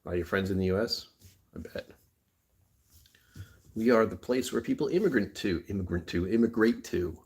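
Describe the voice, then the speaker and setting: Male streamer, very low voice, rambling and self-mocking, phone mic. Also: moderate pace, long pauses. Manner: rambling, joking, laughs often. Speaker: livestream host. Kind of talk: casual livestream chat. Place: indoors on a rainy afternoon.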